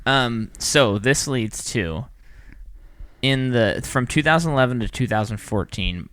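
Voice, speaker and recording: A man co-hosting a casual podcast, talking in an animated way and acting out quotes in little put-on voices. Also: on the low side, smooth, dry recording, clean studio sound. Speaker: podcast co-host. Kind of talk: casual chat.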